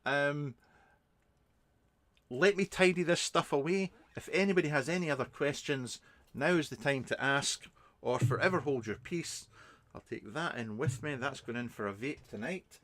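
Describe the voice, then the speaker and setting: A man's voice: a little high, moderate pace, a bit bright. A man, a reviewer hosting a casual live stream, answering viewers in a rambling, chatty way with many ums and restarts.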